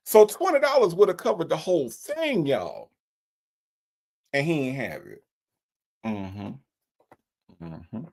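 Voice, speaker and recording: A livestream host delivers mocking, incredulous commentary between reading out viewers' super chats. The pitch swings widely from line to line, giving the talk an animated, sing-song feel.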